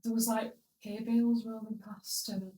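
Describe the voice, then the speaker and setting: A woman's voice: fairly high pitch, flat delivery, normal speed, warm tone, recorded from a distance, a little hiss or hum. A young woman telling a story on a casual podcast, blunt and crude with comic timing. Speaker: podcast host. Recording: roomy, a bit off-mic.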